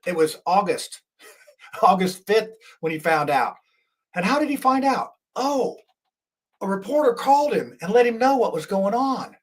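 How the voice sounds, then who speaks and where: A man's voice: sits high, sing-song, a little slow. A man hosting a talk show, giving heated political commentary in an indignant, rambling way with many restarts.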